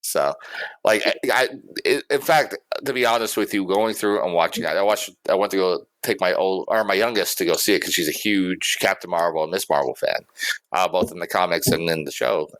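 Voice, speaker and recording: Very deep-voiced rambling co-host. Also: male voice, brisk, fairly bright tone, no echo. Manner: rambling, hesitant, full of fillers. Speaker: podcast co-host. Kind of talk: casual chat.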